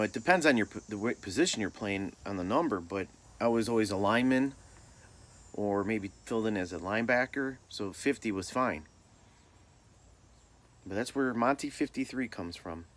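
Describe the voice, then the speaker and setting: A middle-aged man from Michigan tells a story from his own life in a casual, easygoing way. His voice sits low, and he pokes fun at himself as he goes. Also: expressive, normal speed, a bit bright. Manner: laid-back, self-deprecating humor. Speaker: storyteller vlogger.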